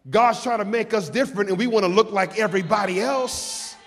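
A pastor preaching to his congregation, a man whose voice sits high for a man. He rises into sung, shouted peaks and drops to low, quick asides, and his words ring out with a long reverb. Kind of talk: sermon.

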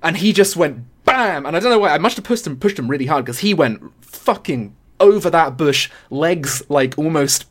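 A woman's voice: low-pitched, normal speed, hardly any pauses. A young woman with a British accent tells a story casually on a podcast, swearing freely and acting out what others said. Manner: animated, swearing, acts out quotes. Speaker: podcast guest.

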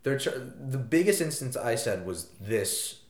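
A man's voice: medium pitch, sing-song, unhurried. A young college-age man co-hosting a podcast, swearing freely and ranting with emphasis in casual chat. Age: young adult. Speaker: podcast co-host. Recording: echoey room.

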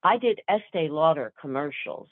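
An older woman, an actress guest, telling chatty stories in a lively way with many fillers. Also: deep voice, normal speed, dry recording. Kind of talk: storytelling interview answers. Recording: tinny phone-like line.

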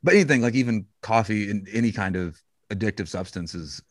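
A man's voice: fairly low pitch, expressive, a little fast, no echo, clean studio sound. A man talking casually as a guest, rambling with many restarts and fillers. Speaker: podcast guest. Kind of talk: casual conversation.

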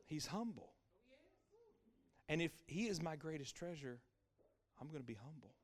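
This middle-aged pastor's voice is a little high and animated, at a moderate pace. His preaching is emphatic and repetitive, moving between hushed lines and loud, exclaiming climaxes.

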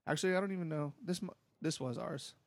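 A man's voice: on the high side, fast, dry recording. A young man casually telling a long story, laid-back and rambling, with frequent swearing. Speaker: podcast host.

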